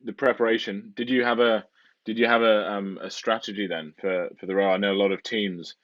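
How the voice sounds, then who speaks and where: A man's voice: lowish voice, steady tone, fairly quick, a bit bright, muffled recording. A man hosting a podcast interview, asking long questions with many ums and restarts. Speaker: podcast host. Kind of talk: casual interview talk.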